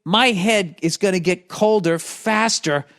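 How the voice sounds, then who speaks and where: A man's voice: high-pitched, measured pace, a bit bright. Profane ranting middle-aged man. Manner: profane, rambling storyteller who works up into heated ranting. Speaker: podcast host. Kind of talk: comedic podcast rant.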